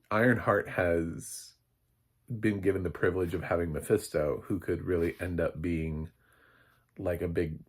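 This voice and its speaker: A man's voice: deep voice, breathy edge. A man, a film critic, giving a casual spoken recap of a TV episode in a rambling, chatty way with many fillers and chuckles.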